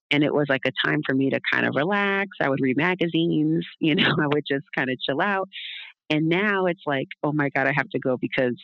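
A woman who works as a doula talks as an interview guest, casual and rambling, often checking in with a tag question. Her voice is low-pitched and creaky, and the recording is dull, lo-fi, and dry with no room sound.

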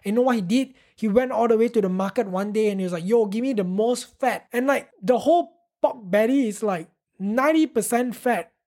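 A woman's voice: fairly high pitch, fairly quick, mellow. A young woman, hosting a casual solo podcast, talking candidly and rambling, full of fillers and the odd curse. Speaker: podcast host.

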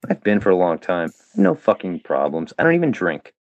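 A man in a full-blown angry rant, swearing constantly and hurling challenges at the people he blames, his pitch swinging widely from lows to sharp highs. The sound is dry and dull, like a muffled lo-fi recording. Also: very animated, a little fast, dry recording. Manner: heated, profane, confrontational. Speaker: guest, former fan of a comedian. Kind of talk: angry monologue addressed at critics.

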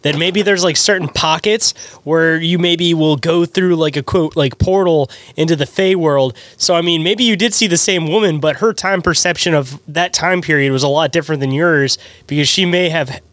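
A man hosting a podcast, musing slowly over theories with a casual, reflective manner. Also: a little high, a bit bright, dry recording. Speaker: podcast host. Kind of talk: casual interview chat.

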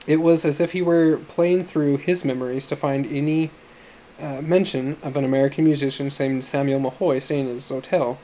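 Man narrating a story, slightly high voice. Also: fairly even intonation, normal speed, warm tone, slight background noise. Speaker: audiobook narrator. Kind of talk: audiobook narration.

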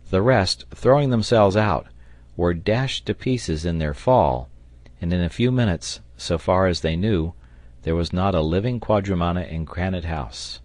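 A man narrating an audiobook in a steady, even storytelling manner on a close mic. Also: sits low, a little slow, no echo. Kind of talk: scripted narration.

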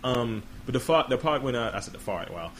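A man's voice: mid-range voice, a little fast, slight background noise. A man hosting a podcast in casual comedic chat, swearing freely and acting out quoted voices. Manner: profane, animated, acts out quotes. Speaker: podcast host.

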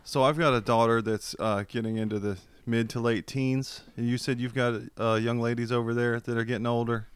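A man co-hosting a casual comedy podcast, telling stories with lots of laughs and loud comic voices. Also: mid-range voice, level tone, a little fast, few pauses, smooth, dry recording. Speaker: podcast co-host.

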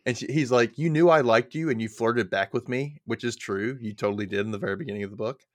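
A man's voice: mid-range voice, fast, no room sound, studio quality. A man co-hosting a podcast, casually recapping a story and acting out its quoted lines. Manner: chatty, retells scenes with quoted lines. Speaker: podcast co-host.

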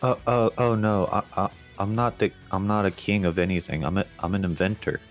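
A man's voice: deep voice, fairly even intonation, brisk, faint music behind. A man voicing a nervous male gnome inventor who stammers. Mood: flustered.

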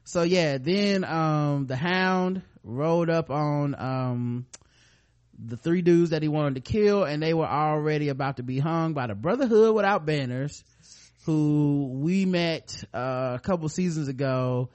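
A man's voice: fairly high pitch, measured pace, darkish tone. A man hosting a podcast, recapping a show in loose, profane, storytelling chat. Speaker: podcast host.

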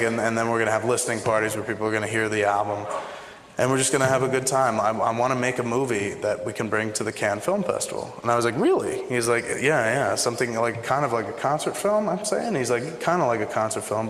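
A man's voice: medium pitch, fairly bright tone. Profane man telling a story in an echoey hall. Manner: profane, acts out both sides of a phone call. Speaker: guest telling an anecdote to an audience. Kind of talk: animated live storytelling. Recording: echoey hall with faint ambience.

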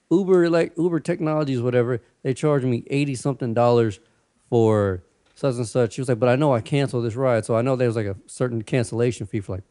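A man's voice: medium pitch, warm tone. Crude, laughing man telling stories. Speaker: podcast co-host. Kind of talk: casual chat.

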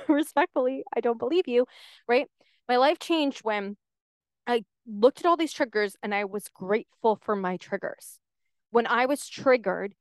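A woman hosts her own podcast alone, speaking in a candid, animated, casual way full of "like". Her voice sits fairly high and comes through smooth and clean. The sound is dry, with no room behind it. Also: normal speed, no echo. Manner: candid and animated, heavy use of "like". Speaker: podcast host. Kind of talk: casual solo podcast monologue.

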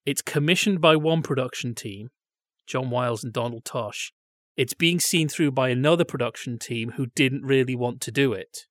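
A man's voice: a little high, a bit bright, no echo, studio quality. A man co-hosting a podcast, talking through ideas in long wry asides, casual and analytical. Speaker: podcast co-host.

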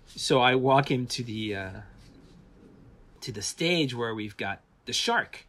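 Man, middle pitch, effects artist guest, casual stories, frequent restarts. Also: a little slow. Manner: animated storyteller with many restarts. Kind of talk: casual anecdotal interview.

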